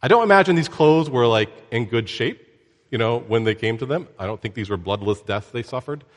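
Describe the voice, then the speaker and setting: A man teaches scripture in a relaxed, chatty way, tossing in wry jokes and asides as he goes. His voice sits at an ordinary middle pitch. It carries a long reverb, as if recorded in a large room. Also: brisk. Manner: conversational and joking, with lively asides. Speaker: Bible teacher. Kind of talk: casual Bible lesson.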